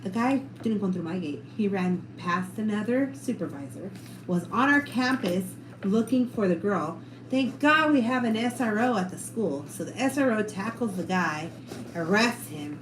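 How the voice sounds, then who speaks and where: A woman's voice: medium pitch, animated, normal speed. A woman telling stories in casual chat, acting out the voices of the people in them and swearing freely. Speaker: storyteller on a podcast. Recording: roomy room with background noise.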